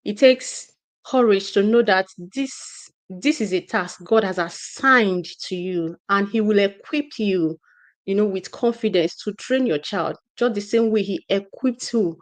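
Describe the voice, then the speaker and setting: A woman's voice: medium pitch, a little slow. Earnest woman. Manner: earnest, repeats and restarts phrases, preachy asides. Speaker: parenting coach. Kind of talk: live session talk.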